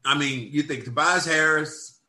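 A man co-hosting a podcast, talking basketball in a casual, emphatic way that turns loud and lively when he argues a point. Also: fairly high pitch, normal speed. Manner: emphatic, gets loud and animated when arguing. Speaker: podcast co-host. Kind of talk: casual sports talk.

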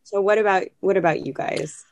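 A woman's voice: mid-range voice, fairly quick, darkish tone. A woman in her thirties co-hosting a podcast, chatting casually and often saying "like", sometimes acting out voices. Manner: chatty, peppered with "like", acts out inner voices. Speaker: podcast co-host. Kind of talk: casual chat.

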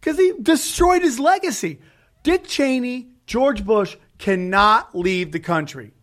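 Podcast host: high-voiced man, animated and joking, quick asides. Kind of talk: casual chat.

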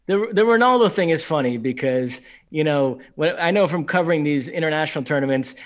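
A man's voice: fairly high pitch, animated, a little fast. A man co-hosting a soccer podcast in casual chat, talking hesitantly with frequent restarts. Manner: hesitant, lots of restarts and fillers. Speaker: podcast co-host.

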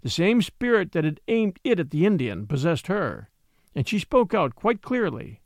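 A man narrating a classic short story, reading in an expressive, measured way. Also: sits high, dry recording, clean studio sound. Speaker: narrator and podcast host.

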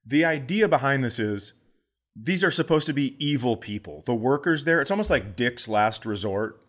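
A man's voice: mid-range voice, moderate pace. A man co-hosting a podcast, telling a comic story and acting out the other voices in it. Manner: animated, acts out quoted voices. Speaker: podcast co-host. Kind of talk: casual comedic storytelling.

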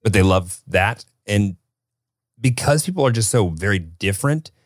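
Deep-voiced man in playful banter. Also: lively intonation, normal speed, no room sound, studio quality. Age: 30s. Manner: playful, self-deprecating banter. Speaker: podcast co-host. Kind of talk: casual chat.

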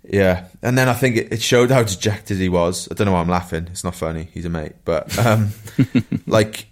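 A Welsh man and former pro cyclist, co-hosting a casual podcast and telling race stories in a relaxed way. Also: low voice, normal speed. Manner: relaxed storytelling with laughs and asides.

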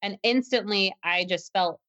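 A woman tells her own story to an interviewer in an earnest, tense voice, breaking off and restarting as she goes. Her tone is bright and sharp, and it is close to the mic with no room sound. The recording is a little dull and muffled. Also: mid-range voice, a little slow, dry recording. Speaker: guest, self-defense teacher. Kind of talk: personal story told in an interview.

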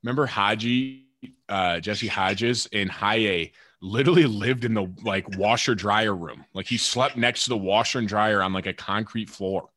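A man's voice: lowish voice, moderate pace, a bit bright, no room sound. A young man co-hosting a podcast in casual chat, rambling with lots of "like" and "literally". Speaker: podcast co-host, pro baseball player.

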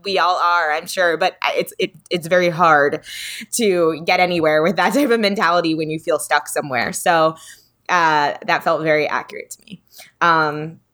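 A woman co-hosting a podcast in casual chat, laughing often and telling stories in an animated way. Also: deep voice, normal speed. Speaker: podcast co-host.

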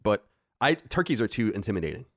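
Animated ranting man, dry sound. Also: on the low side, quick pace, no room sound. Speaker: podcast host. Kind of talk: casual chat.

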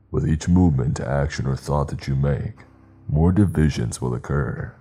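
A man voicing a stern, disembodied entity that gives slow, measured commands in a deep voice. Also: dark tone, husky, heavily acted.

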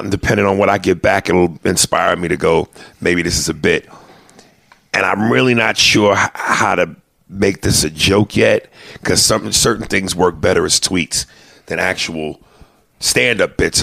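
Male comedian podcast host, very low gravelly voice, rambling and profane, dry sound. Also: pushed and bright, no room sound. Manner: rambling, profane, lots of restarts. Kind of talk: casual podcast chat.

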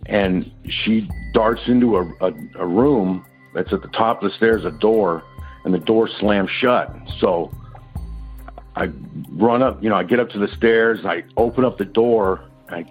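A deep-voiced man tells a long personal story as a caller, stumbling through restarts and fillers. His voice is husky and low. The recording is muffled and lo-fi, with faint music behind him. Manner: rambling, halting, many restarts and fillers. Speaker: caller telling a ghost story. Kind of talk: casual phone-in storytelling.

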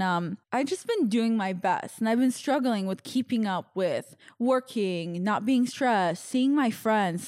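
A woman's voice: medium pitch, a little mellow, no echo, studio quality. A young adult woman hosting a podcast, chatting in a candid, rambling, self-deprecating way. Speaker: podcast host. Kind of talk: casual confessional podcast chat.

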